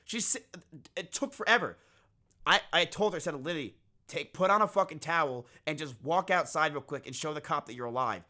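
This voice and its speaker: A man's voice: a little high, brisk. A young man streaming, telling a story in casual chat, swearing freely and acting out what people said. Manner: animated, swears freely, acts out quotes.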